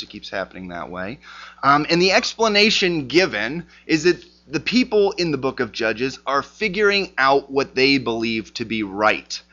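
A man's voice: medium pitch, bright, forceful tone. A man teaching a sermon, explaining scripture and reading verses aloud. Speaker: Bible teacher. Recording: dull lo-fi recording.

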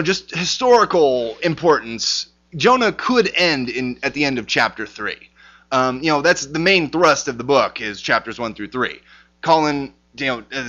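A man's voice: medium pitch, pushed and bright, lo-fi sound. A man teaching a casual Bible lesson, talking conversationally with lots of fillers and restarts.

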